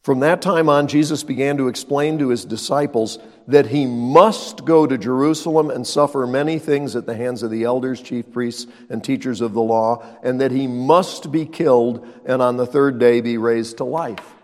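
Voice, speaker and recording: A man's voice: medium pitch, fairly even intonation, normal speed, hardly any pauses, darkish tone, long reverb tail. A male pastor preaching a sermon, emphatic and repeating his key lines.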